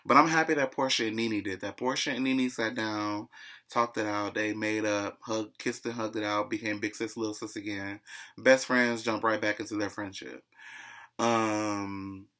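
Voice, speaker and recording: A man's voice: fairly low pitch, steady tone, normal speed, bright, forceful tone. A man casually recapping a reality TV episode in a chatty, gossipy way, often calling the listener "child".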